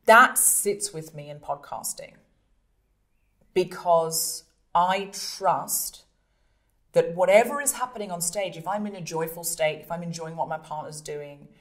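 A woman comedian and podcast host telling stories in an interview, animated and acting out scenes with voices. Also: lowish voice, unhurried. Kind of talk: storytelling interview.

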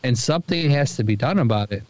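A man's voice: medium pitch, expressive, fast, a little mellow. A man co-hosting a podcast in casual chat, joking and riffing crudely. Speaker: podcast co-host.

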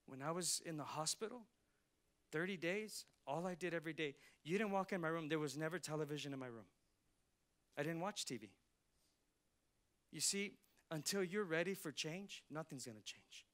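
Bright-voiced, high-energy male pastor. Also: lively intonation, moderate pace, long pauses. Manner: preaching with rising intensity, calls to the congregation. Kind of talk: sermon.

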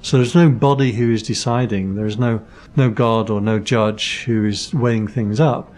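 Monk explaining calmly. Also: male voice, on the low side, moderate pace. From Britain. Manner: patient explainer who uses analogies and dry jokes. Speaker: Buddhist monk guest. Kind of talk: casual podcast conversation.

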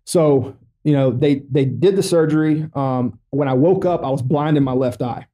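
A middle-aged man, a military veteran, tells his story on a podcast in a mellow, warm voice. He jokes dryly about grave things, and his speech is loose and halting, full of fillers. His pitch sits in the usual middle range for a man. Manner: wry, joking matter-of-factly about grave events. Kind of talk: casual storytelling in a podcast interview. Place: podcast studio.

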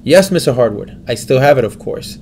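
A man voicing a kindly, fatherly old male stock trader who speaks slowly and earnestly. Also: medium pitch, lively intonation, darkish tone, a little hiss or hum, lightly acted.

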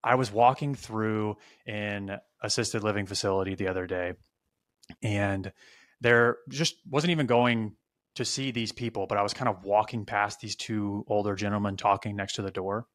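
Low-voiced man telling a funny story. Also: normal speed. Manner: animated, profane, trailing restarts. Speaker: podcast co-host. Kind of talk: casual storytelling chat.

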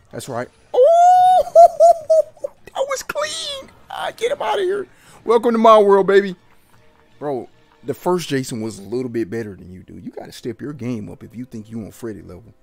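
A man giving excited, trash-talking commentary while playing a fighting game, yelping and laughing often. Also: on the high side, no echo. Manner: animated, yelps and laughs, trash-talks the opponent. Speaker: gaming channel host.

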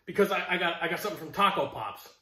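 A man's voice: a little high, animated, rapid-fire, bright, forceful tone, roomy sound. A young man from the United States chatting casually as he unboxes collectibles, rambling and self-deprecating with frequent restarts. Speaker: collectibles vlogger.

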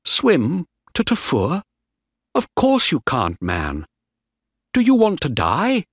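A man's voice: medium pitch, wildly swooping pitch, takes it slowly, fairly bright tone, dry recording, clean studio sound, pitched above the performer's own voice, full character voice. A man voicing a worried male sailor who urgently pleads with a friend. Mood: pleading.

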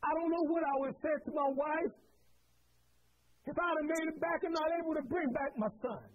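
Man, preacher, sermon, very high pitch, repetitive storytelling, builds to shouts, phone-like tinny audio. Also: brisk.

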